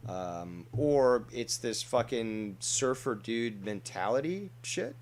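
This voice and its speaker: A man's voice: mid-range voice, expressive, takes it slowly, darkish tone. A man hosting a reaction commentary show, talking in a blunt, profane, mocking way. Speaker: commentary host.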